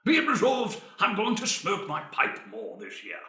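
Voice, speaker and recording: A pompous old British gentleman with a pipe, as a man puts him on, speaking in a put-on British accent with stuffy, formal proclamations. The voice sits high and bright and swings around a lot, in an echoey room. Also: wildly swooping pitch, normal speed, far from the mic, exaggerated voice. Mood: jovial.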